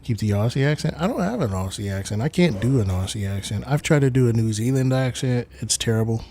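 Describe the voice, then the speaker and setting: A man's voice: lowish voice, fairly quick, dark tone. A man hosting a casual livestream, goofy and rambling, who repeats bits and slips into mock accents. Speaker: livestream host.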